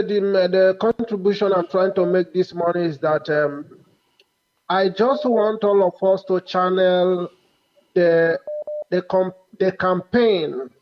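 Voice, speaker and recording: A man with a Nigerian accent calling into a radio show over WhatsApp, speaking hesitantly with many pauses. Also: high-pitched. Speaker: caller. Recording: muffled WhatsApp call.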